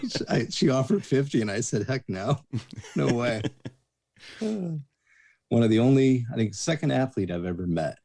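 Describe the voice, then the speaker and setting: A man's voice: medium pitch, normal speed, gravelly, long pauses. A man, a bouncer and bartender, telling casual anecdotes on a podcast and acting out the voices of the people in them. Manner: lively storyteller acting out quoted voices.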